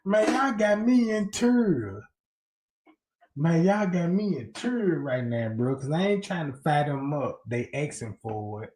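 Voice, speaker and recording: A man's voice: fairly high pitch, sing-song, a little mellow, roomy sound. A man hosting a livestream, giving crude, mocking, profane commentary. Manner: mocking, profane, drawn-out delivery. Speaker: livestream host.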